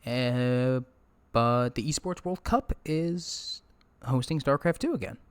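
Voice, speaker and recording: A man's voice: medium pitch, slow pace, clean tone. A man hosting a solo esports podcast, ranting profanely in a casual way and greeting his live chat. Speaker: podcast host. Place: indoors at a streaming setup.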